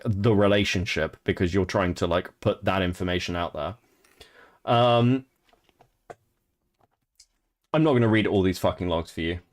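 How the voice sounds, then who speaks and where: A man in his thirties with a slightly low voice gives loose, foul-mouthed commentary on internet drama from a home streaming setup. He is blunt and laughs easily, and he reads people's messages aloud in a mocking tone. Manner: profane, blunt, laughs often. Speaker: streamer and co-host. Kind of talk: casual commentary on online drama.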